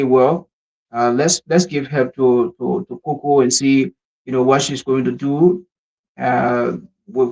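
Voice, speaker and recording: Male co-host, halting talk, muffled lo-fi sound. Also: mid-range voice, a little mellow. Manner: hesitant, many fillers and restarts. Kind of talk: casual interview chat.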